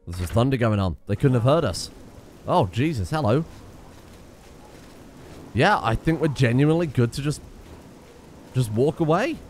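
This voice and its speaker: A man commentating on his video game play in a casual, sweary and joking way. His voice moves around a lot in pitch, sitting in a middle register. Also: lively intonation, normal speed, pauses often, faint music behind. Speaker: let's play gamer.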